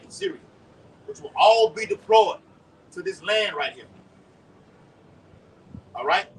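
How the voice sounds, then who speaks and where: A man preaching live outdoors and leading the teaching, with a lively, repetitive delivery, calling on others to read verses. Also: high voice. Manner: animated, repeats words, calls for scriptures. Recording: distant mic with faint street noise.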